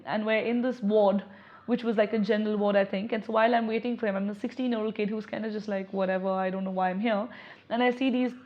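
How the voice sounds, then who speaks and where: A young adult woman giving candid personal testimony in an interview, reflective and halting, often restarting her sentences. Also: a little high, steady tone, a little mellow. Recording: slightly dull lo-fi audio.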